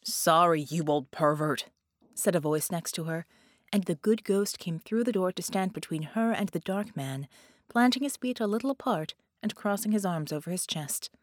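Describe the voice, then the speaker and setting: A woman narrating an audiobook in measured, dramatic storytelling. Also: medium pitch, lively intonation, darkish tone.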